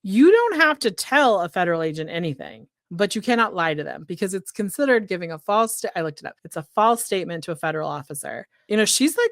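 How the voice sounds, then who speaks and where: A woman co-hosting a podcast, recapping a true-crime story in blunt, profane, animated casual chat. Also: mid-range voice, brisk, hardly any pauses, no echo, clean studio sound. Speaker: podcast co-host.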